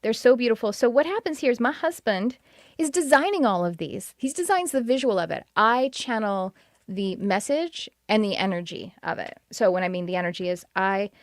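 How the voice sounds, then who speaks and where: A woman's voice: mid-range voice, dry recording, studio quality. A middle-aged woman from Texas, hosting a live podcast in an enthusiastic, chatty way with many restarts. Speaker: podcast host and spiritual teacher. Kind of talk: casual live-stream chat.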